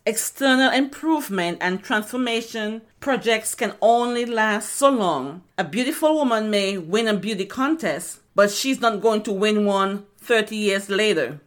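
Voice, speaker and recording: A woman's voice: mid-range voice, lively intonation, measured pace, hardly any pauses. Earnest woman preaching. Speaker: podcast co-host. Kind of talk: devotional teaching. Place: studio.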